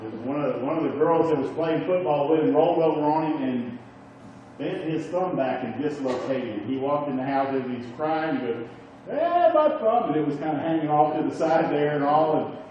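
A man's voice: fairly high pitch, brisk, mellow. Male pastor, middle-aged, chatty sermon delivery, heard from a distance in a very echoey hall with a dull, slightly noisy sound. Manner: conversational, asks the audience "okay?" and "right?".

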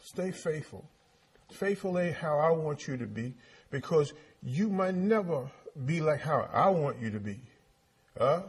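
Guy preaching, husky voice, keeps repeating lines and asking if folks are with him. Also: mid-range voice. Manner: repetitive call-and-response preaching with rhetorical questions. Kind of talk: sermon.

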